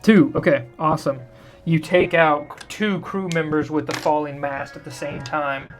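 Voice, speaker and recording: A man's voice: on the high side, steady tone, moderate pace, soft background music. A man running a tabletop game as dungeon master, describing the action loosely with lots of "like" and "uh" fillers.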